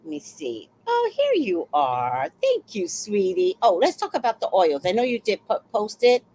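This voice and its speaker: A woman in her sixties telling a story on a casual livestream, blunt and fiery, with sudden loud outbursts. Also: medium pitch, huge pitch swings, moderate pace. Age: 60s.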